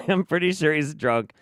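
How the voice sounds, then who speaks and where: A man's voice: a little high, expressive, measured pace, no room sound, studio quality. An American man hosting a stream, reacting to clips with sarcastic, profane, mocking commentary. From United States. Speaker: host.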